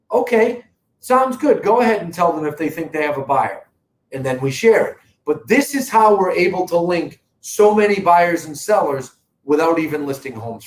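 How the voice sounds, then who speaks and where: A man's voice: fairly high pitch, roomy sound, a little hiss or hum, rough recording. A middle-aged man with a Boston accent hosting a live real estate update, talking to viewers in an earnest, emphatic sales manner. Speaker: real estate company host. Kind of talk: live video market update.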